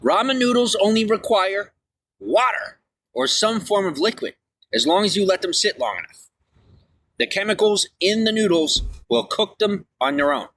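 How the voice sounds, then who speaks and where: A man rambling on a live stream, excitable, swinging from shouting to low grumbling. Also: moderate pace. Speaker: livestreamer.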